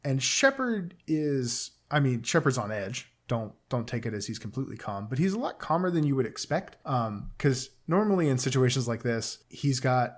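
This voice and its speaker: A man's voice: mid-range voice, sing-song. Chatty man recapping a TV episode. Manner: chatty, acts out characters' lines in quick impressions. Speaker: podcast co-host.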